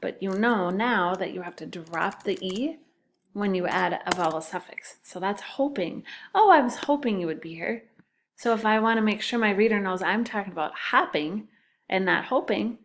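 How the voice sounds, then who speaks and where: A woman's voice: mid-range voice, moderate pace, fairly bright tone, slight background noise. A woman teaching a children's spelling lesson, patiently sounding out words syllable by syllable.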